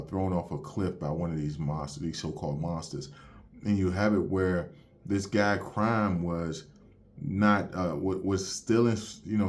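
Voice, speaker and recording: A man's voice: low voice, a little mellow. A young man recapping a manga chapter in loose, slangy casual talk, walking through the plot step by step. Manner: loose and slangy, retelling the plot with "you have it where". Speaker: manga reviewer.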